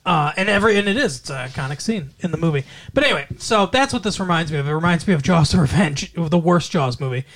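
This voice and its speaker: Rambling, animated podcast co-host. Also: mid-range voice, fast, hardly any pauses. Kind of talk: casual movie chat.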